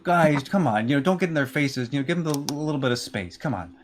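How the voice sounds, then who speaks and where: A man's voice: a little high, expressive, fast, a little hiss or hum, close to an everyday voice. A man voicing Gimbal, a fatherly character who stammers and talks breathlessly. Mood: gently scolding.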